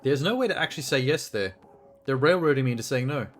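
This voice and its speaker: A man live-streaming a video game, commentating excitably, swearing often and joking about what happens on screen. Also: medium pitch, fast, a little hiss or hum.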